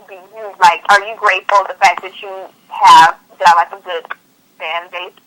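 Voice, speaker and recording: A woman's voice: lowish voice, fairly even intonation, normal speed, bright, forceful tone, rough recording. A woman from the US West Coast, hosting a podcast in loose, slangy casual chat full of fillers and laughter. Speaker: podcast host.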